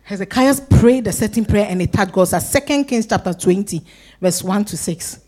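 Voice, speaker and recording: A woman's voice: mid-range voice, expressive, moderate pace, darkish tone. A woman pastor preaching a sermon, exhorting her congregation with rising, emphatic pleas.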